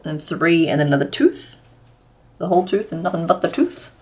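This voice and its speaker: A woman's voice: on the low side, big pitch swings, a little fast, background noise. Chatty woman hosting a crochet stream. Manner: chatty, answers chat and makes puns while working. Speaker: crochet livestream host. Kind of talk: casual livestream chat while crocheting.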